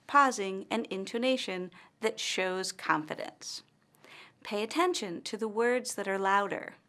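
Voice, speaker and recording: Woman pronunciation teacher, scripted lesson narration, slow and instructional. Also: medium pitch, fairly bright tone.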